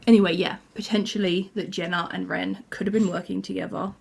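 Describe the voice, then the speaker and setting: A woman's voice: fairly low pitch, flat delivery, brisk, gravelly, few pauses, background noise. A young woman in her twenties, rambling through casual TV fan commentary with frequent "like"s and laughs. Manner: rambling, lots of 'like', laughs often. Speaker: YouTuber.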